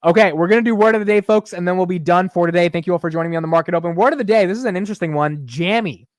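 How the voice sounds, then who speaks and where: A man hosting a casual live stock market stream, animated and chatty, reading viewer comments aloud. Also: sits high, very fast, no room sound, clean studio sound. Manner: animated and chatty, reads chat aloud, laughs easily. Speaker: stock market livestream host.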